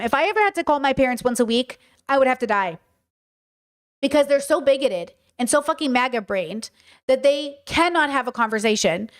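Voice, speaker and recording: A woman in her thirties hosting a podcast, talking bluntly and emphatically in a casual, unscripted monologue that swears freely and answers chat comments. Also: high voice. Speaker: podcast host.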